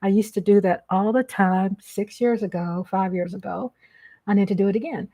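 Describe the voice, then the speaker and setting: A middle-aged woman chatting casually on a live stream, greeting viewers by name with warmth and affection. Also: medium pitch, fairly even intonation, normal speed.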